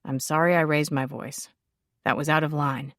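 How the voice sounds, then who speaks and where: Woman putting on a brooding young man, low voice, terse, flat, defensive. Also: normal speed, dry recording, clean studio sound. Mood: curt.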